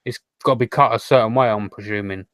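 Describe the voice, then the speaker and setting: A man's voice: lowish voice, fast talker, a bit bright, no echo. A man co-hosting a podcast, thinking aloud with stammers and hedges. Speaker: podcast co-host. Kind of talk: casual podcast chat.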